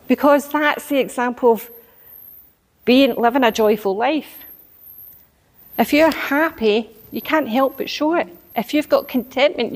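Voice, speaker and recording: Woman preacher, fairly high voice, lively emphatic storytelling sermon. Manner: animated storytelling, rising to emphatic exhortation.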